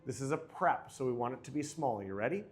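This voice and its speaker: A man's voice: medium pitch, lively intonation, quick pace. A man teaching a dance class with a microphone on, chatty and joking as he counts out the steps. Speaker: dance instructor. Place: dance studio. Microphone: wearing a microphone.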